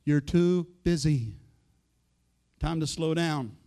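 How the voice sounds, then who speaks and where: A man's voice: a little high, slow pace, mellow. A middle-aged male pastor preaching a sermon in a conversational way, full of rhetorical questions and quoted asides.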